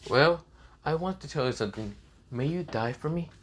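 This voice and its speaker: A man's voice: a little high, animated, moderate pace, a little hiss or hum, voice pushed up, close to an everyday voice. A man voicing a cold, cruel female fallen angel in a casual storytelling retelling. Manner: cold, dismissive.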